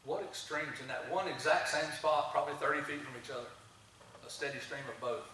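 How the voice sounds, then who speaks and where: A man's voice: on the high side, fairly quick, pushed and bright. A man giving a chatty testimony at a church service, telling stories with frequent restarts and chuckles. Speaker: guest speaker at a church service. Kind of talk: conversational testimony storytelling. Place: church sanctuary. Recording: very echoey hall, from far off, faint hiss.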